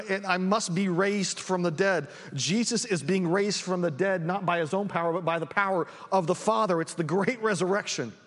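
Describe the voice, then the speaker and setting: Preaching man, high voice, echoing church. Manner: earnest, emphatic, restarts often. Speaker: pastor. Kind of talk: sermon. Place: church sanctuary. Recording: long church reverb.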